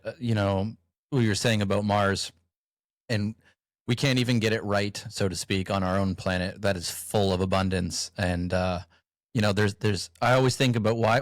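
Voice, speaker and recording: A man with a fairly low voice hosts an interview, agreeable and a little halting. The sound is dry and close, with no room sound. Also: dry recording. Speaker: interview host. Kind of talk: casual interview chat.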